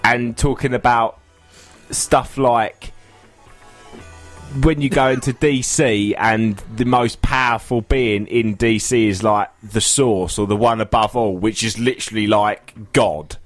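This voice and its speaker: A man's voice: fairly low pitch, fairly even intonation, a little slow, faint music behind. A man co-hosting a live comedy radio show, bantering and teasing, often calling his co-host mate. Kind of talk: casual comedy chat.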